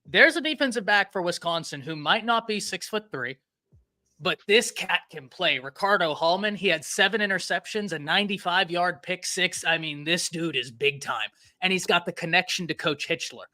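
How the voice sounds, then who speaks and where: A man with a mix of Texan and New York accent, talking football in an animated, emphatic way. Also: high voice, moderate pace. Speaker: co-host, football analyst. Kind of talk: casual sports talk.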